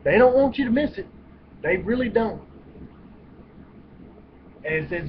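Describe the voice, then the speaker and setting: A man's voice: high voice, measured pace, pauses often. A man ranting in a casual vlog, blunt and profane, rambling and cutting himself off. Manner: blunt and profane, emphatic outbursts; rambling, self-interrupting. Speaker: vlogger. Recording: dull lo-fi home recording with steady hiss.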